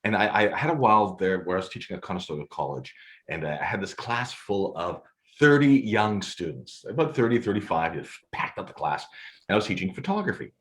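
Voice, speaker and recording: A man's voice: fairly low pitch, a little fast. A man, a podcast guest telling stories in a theatrical way and laughing often. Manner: lively, theatrical, laughs often, acts out scenes. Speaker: guest, storyteller and photographer. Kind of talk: animated storytelling.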